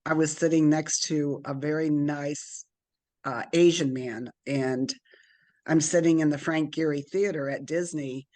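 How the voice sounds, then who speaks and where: A woman's voice: deep voice, unhurried. A middle-aged woman being interviewed as a guest, telling stories about her career and acting out the voices of people she quotes. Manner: lively storyteller, acts out quoted voices. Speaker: guest, business owner. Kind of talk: conversational storytelling interview.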